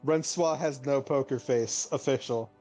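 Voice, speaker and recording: A man's voice: medium pitch, normal speed, a little mellow, soft background music. A man playing a tabletop game, teasing and joking with the table. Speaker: player.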